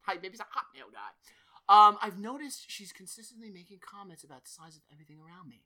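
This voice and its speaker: A man's voice: sits high, very animated, fast, bright, forceful tone. A man hosting a podcast in casual chat, rambling, swearing and often laughing. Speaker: podcast host.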